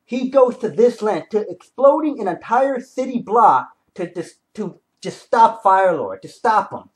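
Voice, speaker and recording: Excitable man with a high speaking voice, casual comic book reviewer. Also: low-quality recording. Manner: excitable, retells scenes with quick asides and restarts. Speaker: comic book video host.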